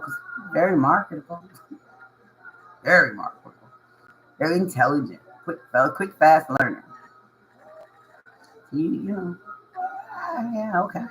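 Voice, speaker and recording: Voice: mid-range voice, a bit bright, low-quality recording. A tarot reader giving a casual reading to viewers, slangy and reassuring, often repeating phrases and laughing. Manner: reassuring, coaching tone.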